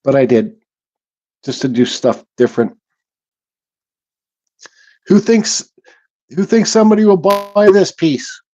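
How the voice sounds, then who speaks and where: A male livestream host chats casually while working in his home workshop, reading viewers' comments out loud. He has a fairly high voice, speaks slowly with frequent pauses, and sounds relaxed, often mumbling.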